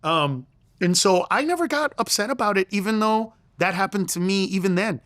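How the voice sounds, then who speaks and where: A man's voice: high-pitched, lively intonation, normal speed, fairly bright tone, no room sound. A middle-aged man, a comedian guest in an interview, telling stories in an emphatic, profane way with stammering restarts. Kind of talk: animated interview storytelling.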